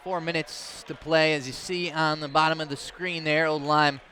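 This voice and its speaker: A man giving easygoing, chatty play-by-play commentary on a high school basketball game. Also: level tone, normal speed, pushed and bright. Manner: easygoing, chatty, laughs along with his partner. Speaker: play-by-play announcer.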